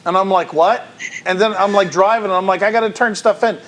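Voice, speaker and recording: A man's voice: high-pitched, fairly even intonation, fast talker, a bit bright. A man co-hosting a casual talk show, telling rambling anecdotes full of quoted dialogue. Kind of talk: casual chat.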